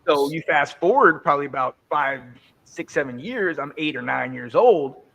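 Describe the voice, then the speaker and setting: Animated storytelling man in his forties. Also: on the high side, normal speed, creaky. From North Carolina. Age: 40s. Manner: animated storytelling, often repeats words. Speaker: podcast co-host. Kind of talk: casual sports chat.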